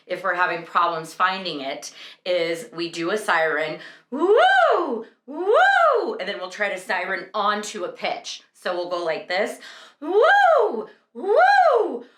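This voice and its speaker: A woman's voice: on the low side, pushed and bright. A young adult woman vocal coach, explaining singing registers and breaking into sung examples. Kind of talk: singing lesson with sung demonstrations. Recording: echoey room.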